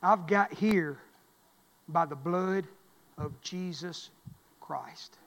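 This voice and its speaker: High-voiced preaching man in reverberant church. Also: extremely slow, gravelly. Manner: repetitive, building to loud shouted climaxes. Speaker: pastor. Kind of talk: sermon. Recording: long reverb of a church hall.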